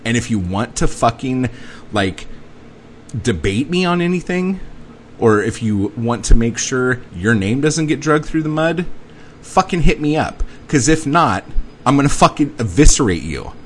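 A man hosting a podcast, delivering an aggressive, profane, confrontational rant that swings between low muttering and loud outbursts. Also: very animated, a little slow, slight background noise. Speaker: podcast host. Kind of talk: profane ranting monologue.

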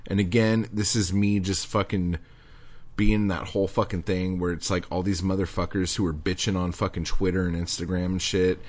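Ranting, profane man with a low voice. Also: level tone, normal speed. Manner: angry, profane, swings from low muttering to shouting. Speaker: podcast host.

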